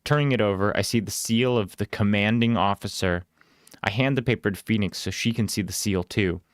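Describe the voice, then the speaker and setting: Smooth, low-voiced man reading a story. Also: a little fast, no echo, clean studio sound.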